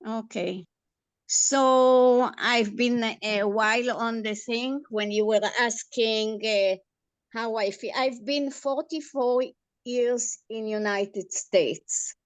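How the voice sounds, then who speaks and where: Slow, earnest older woman. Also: on the high side, no room sound. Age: 70s. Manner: earnest, emphatic, halting restarts. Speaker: discussion participant. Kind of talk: impassioned group discussion.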